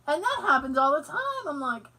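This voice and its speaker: A woman co-hosting a podcast in loose, animated chat. Her voice is high and swoops widely. She swears freely and laughs easily. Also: normal speed, very noisy. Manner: animated, laughs often, acts out quoted voices, swears casually. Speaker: podcast co-host. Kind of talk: casual chat, storytelling.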